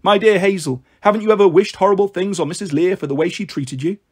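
Sneering, cackling storybook goddess of revenge, put on by a male reader, husky edge. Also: high-pitched, fast talker. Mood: scornful. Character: scornful goddess of revenge, woman, sour and sneering.

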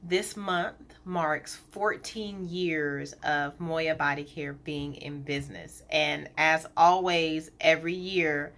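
A woman in her thirties talking to her viewers in a candid, chatty vlog, pausing often with fillers. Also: deep voice, fairly even intonation, fairly bright tone. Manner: chatty, candid, gets emotional, many fillers. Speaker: colon hydrotherapist and business owner.

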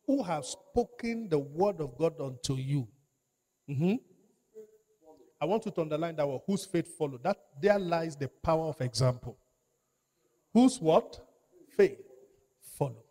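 In his sermon, a pastor hammers home key phrases and calls out for the congregation to answer back. His voice is a little high and warm, with lively intonation at a normal speed.

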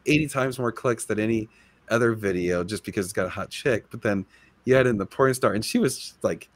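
A man with a rough, smoker-like voice hosts a casual livestream, rambling easily and filling the gaps with "like" and short laughs. The sound is dry and close, with no room behind it. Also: fairly low pitch, fairly quick, no room sound. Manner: rambling, laid-back, lots of fillers and laughs. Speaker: host.

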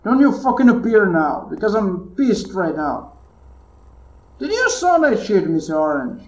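A man's voice: high-pitched, sing-song, measured pace, roomy sound, poor audio. A man commentating his own horror gameplay, jumpy and muttering curses to himself. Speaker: gamer playing a horror game.

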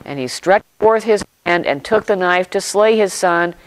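A pastor preaching a sermon, retelling a scripture story in slow, deliberate short phrases with pauses and reflecting aloud. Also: medium pitch, no echo, low-quality recording.

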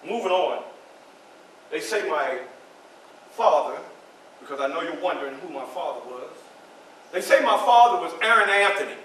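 A man's voice: fairly high pitch, expressive, normal speed, pauses often, a bit bright, slight background noise. An actor playing an earnest, grave formerly enslaved man in a theatrical first-person monologue, with emphatic storytelling and dramatic repetition. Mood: solemn. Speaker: historical reenactor. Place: library event room. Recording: echoey room from a distant camera.

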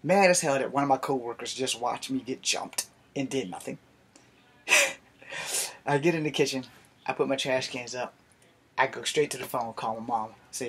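A man telling a story from his youth in a casual live stream, animated and profane. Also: medium pitch, moderate pace, breathy edge.

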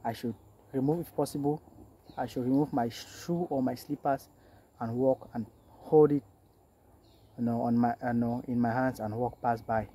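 Filming a vlog outdoors on a forest walk, a man addresses his audience as "guys" again and again and tends to repeat himself. He speaks warmly in a medium, steady pitch at a moderate pace with long pauses, over clear background music.

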